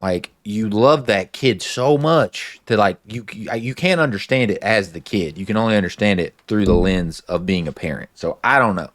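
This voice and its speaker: A man's voice: fairly low pitch, lively intonation, normal speed, hardly any pauses, no echo. A man casually recapping a TV episode, retelling scenes with lots of "like"s and adding his own opinions. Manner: chatty, many filler "like"s, retells scenes then gives opinions. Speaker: show recap host.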